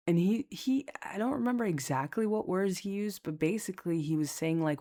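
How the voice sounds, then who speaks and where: A young adult who is both an audio creator and a lifeguard chats casually, telling a story in a rambling, animated way. The voice is medium-pitched at a normal speed.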